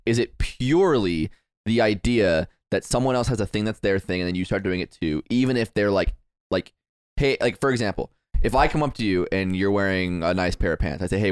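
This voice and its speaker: A man's voice: on the low side, smooth, dry recording, studio quality. A man co-hosting a podcast, rambling through teasing hypotheticals. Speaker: podcast co-host. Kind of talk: casual podcast banter.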